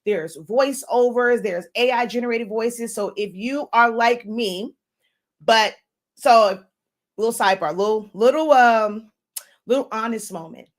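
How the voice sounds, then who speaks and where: A woman in her thirties, an online design instructor, giving a casual, chatty lesson, talking fast with laughs between phrases. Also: a little high. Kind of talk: casual teaching talk.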